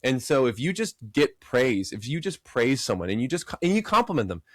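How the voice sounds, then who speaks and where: Male podcast co-host, mid-range voice, animated storyteller, dry studio sound. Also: medium pitch, fairly quick, no room sound. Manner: animated storyteller, acts out quotes in raised voices. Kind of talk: casual podcast chat.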